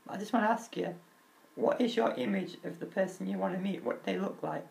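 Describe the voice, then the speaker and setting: A man's voice: high-pitched, a little fast, gravelly, low-quality recording. A young man talking candidly and earnestly to his viewers, reflecting aloud and putting direct questions to the listener. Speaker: vlogger. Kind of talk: candid personal talk to the viewer.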